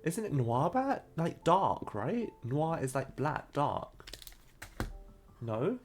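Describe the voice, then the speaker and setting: A man's voice: fairly high pitch, sing-song, slow, soft background music. Chatty man opening card packs on stream. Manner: chatty, reacts to pulls and reads chat; unsure of pronunciations, laughs often. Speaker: streamer opening trading cards. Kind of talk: casual live-stream chat.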